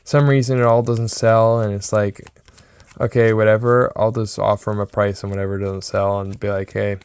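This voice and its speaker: Young male vlogger, early twenties, smooth clear voice, excitable and rambling, casual to-camera talk. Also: lowish voice, a little fast, no echo. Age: 20s. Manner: excitable, rambling, repeats himself. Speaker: sports card seller and vlogger.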